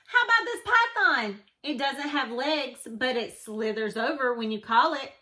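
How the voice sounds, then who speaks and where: A woman reading a storybook aloud and voicing an eager male animal shelter keeper who keeps pitching odd pets in an upbeat, salesy way. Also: expressive, unhurried, bright, forceful tone, full character voice.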